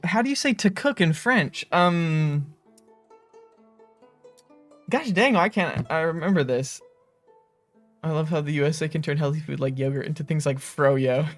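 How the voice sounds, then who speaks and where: A man's voice: fairly high pitch, no echo. A man co-hosting a game livestream, chatting casually, rambling off topic and laughing often. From United States. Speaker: livestream co-host. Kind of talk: casual gaming stream chat.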